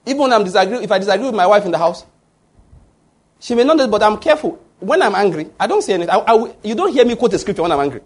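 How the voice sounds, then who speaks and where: A man's voice: high voice, lively intonation, very fast. A man preaching a sermon, emphatic and often restarting his words while asking the congregation to fill in the answers. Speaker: pastor.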